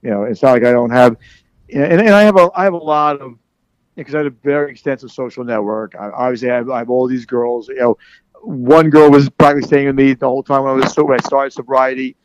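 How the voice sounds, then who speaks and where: A middle-aged man calling in as a guest, chatting casually in a halting way with lots of repeated words. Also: medium pitch, no echo, poor audio. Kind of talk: casual chat.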